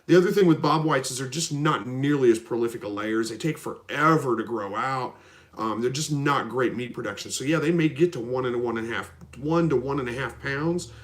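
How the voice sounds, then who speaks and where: A man's voice: medium pitch, brisk. Easygoing stuffy-nosed man. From Southwest Missouri. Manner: easygoing, rambling, chuckles often. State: stuffy nose. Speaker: livestream host. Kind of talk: casual live chat answering viewers.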